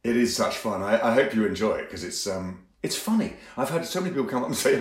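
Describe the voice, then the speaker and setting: A man's voice: medium pitch, lively intonation, quick pace. A man who is a stage actor, chatting casually in an interview and acting out quoted lines as he talks. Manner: chatty, laughing, acts out quotes. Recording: echoey room.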